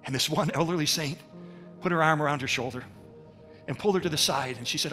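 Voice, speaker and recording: An older man telling his faith story as a sermon at a church, with animated storytelling and acted-out quotes. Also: on the high side, quick pace, long pauses, soft background music. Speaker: speaker at a church. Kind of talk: testimony sermon.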